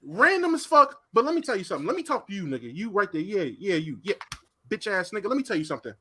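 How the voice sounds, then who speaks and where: A man co-hosting a podcast, ranting loudly and profanely in casual chat. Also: high-pitched, very animated, quick pace, breathy edge. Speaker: podcast co-host.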